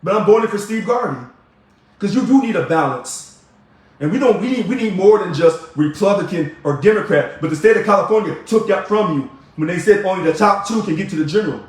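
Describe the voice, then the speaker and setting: Emphatic high-voiced man in an echoey room. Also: expressive, a little fast. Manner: emphatic, preachy, argumentative. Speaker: video blogger. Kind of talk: direct-to-camera political commentary.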